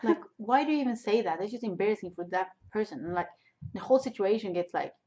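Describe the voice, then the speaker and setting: A woman's voice: mid-range voice, expressive, fast talker, warm tone. A young Swedish woman with a Swedish accent, chatting casually and bluntly, swearing freely. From Sweden. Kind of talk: casual chat. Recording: dull lo-fi sound.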